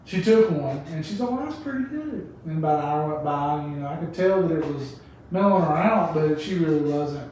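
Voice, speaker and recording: A man's voice: a little fast, a little mellow. Chatty man in an echoey room. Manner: rambling, laughing, acts out quotes in a high voice. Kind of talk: casual storytelling chat. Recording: roomy echo, mic at a distance, faint room noise.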